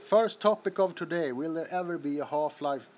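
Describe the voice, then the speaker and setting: A man's voice: fairly high pitch, normal speed, a little mellow, a little hiss or hum. A man chatting casually on a livestream from an apartment, greeting viewers and laughing often, recorded on a phone. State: sweaty from heat. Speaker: livestream host. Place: apartment bedroom.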